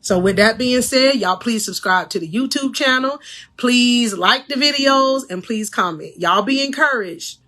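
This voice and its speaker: Fervent, bright-voiced female life coach. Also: on the high side, a little slow. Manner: fervent, preachy, addresses viewers directly; laughs between phrases. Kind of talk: faith-based motivational livestream.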